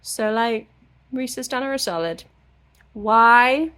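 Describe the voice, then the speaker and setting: A woman's voice: a little high, animated, slow pace, a bit bright. A woman casually recapping a book, chatty and irreverent, with some swearing. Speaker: book vlogger.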